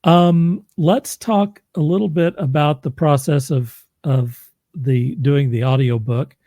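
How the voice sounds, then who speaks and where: A man's voice: on the high side, slow pace, mellow, no echo. A man from Oklahoma, a podcast host and audiobook narrator, chatting casually and laughing easily. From Oklahoma, USA. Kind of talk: casual interview chat.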